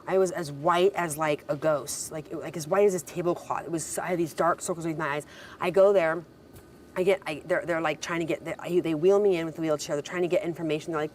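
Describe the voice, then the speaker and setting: A woman's voice: low voice, steady tone, quick pace, a little mellow, a little hiss or hum. A young woman telling a long personal story in casual conversation, full of "like" and acted-out quotes. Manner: rambling storytelling with many "like" and "I'm like" quotes. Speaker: reality show contestant.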